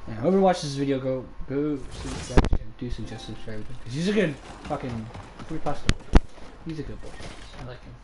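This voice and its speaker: An excitable gaming streamer who swears often and trash-talks the game while playing. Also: medium pitch, brisk. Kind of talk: casual gameplay commentary. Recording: echoey room with clear background noise.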